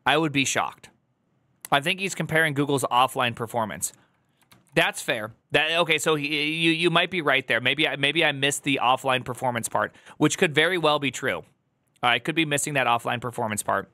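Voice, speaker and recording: Male streamer, casual reaction chat, bright tone, rambling delivery. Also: mid-range voice, no room sound, studio quality. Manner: rambling, restarts, loud joking asides.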